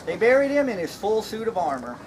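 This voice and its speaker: A man's voice: high-pitched, big pitch swings, a little fast. A man playing a jovial, folksy, slightly mad Straw Hatter in an outdoor comedy skit, chuckling at his own jokes. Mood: jokey. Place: outdoor reenactment event. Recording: outdoor crowd and noise.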